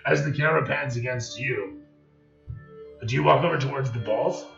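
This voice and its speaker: A man's voice: mid-range voice, moderate pace, gravelly, fairly bright tone. A man running a tabletop game on a live stream as game master, describing scenes like camera shots, with many fillers. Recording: echoey, distant, dull sound with faint music.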